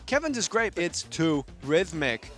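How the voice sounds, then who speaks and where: Brief: male comic guest, dry and playful, slow and a bit high. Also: very animated, fairly bright tone, faint music behind. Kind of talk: casual talk-show chat.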